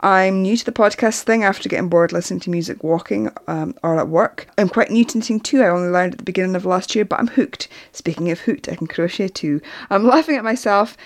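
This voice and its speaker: A woman's voice: medium pitch, fairly quick, hardly any pauses. A woman hosting a knitting podcast from the UK, chatting casually and reading out listener messages. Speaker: podcast host.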